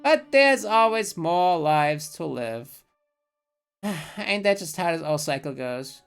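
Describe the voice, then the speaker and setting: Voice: medium pitch, animated, slow pace, creaky, clean tone, faint music behind. A streamer voicing a folksy old mushroom scholar. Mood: fond. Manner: folksy, drawling, rural turns of phrase. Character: kindly old male wandering mushroom scholar. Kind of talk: reading a game's dialogue aloud.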